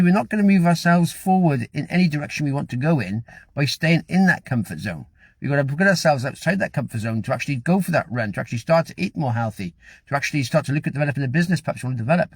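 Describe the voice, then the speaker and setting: A man's voice: fairly high pitch, husky, no room sound. A man giving a casual, chatty motivational talk to camera, encouraging and a little repetitive. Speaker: motivational vlogger.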